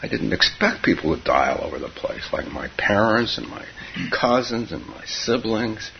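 A man in his seventies giving an unhurried, reflective dharma talk, laughing softly and dropping to whispers, in a muffled recording. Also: fairly low pitch, big pitch swings, creaky, slight background noise. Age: 70s. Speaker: meditation teacher.

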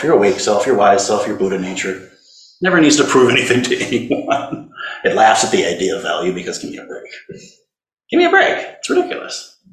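Gentle man giving a dharma talk. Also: low voice. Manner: gentle, conversational, tender when voicing compassion. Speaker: Zen teacher. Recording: roomy hall recording.

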